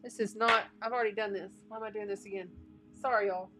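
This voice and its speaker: A woman reading tarot cards in a casual, chatty way, getting excited and thinking out loud as she talks. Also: mid-range voice, fast, over music. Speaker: astrology and tarot reader.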